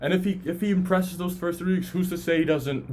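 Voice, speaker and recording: A man's voice: sits high, fairly even intonation, fairly quick, darkish tone, a little hiss or hum. A young man co-hosting a sports podcast, laughing easily and chiming in with playful agreement. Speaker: podcast co-host. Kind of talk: casual sports chat.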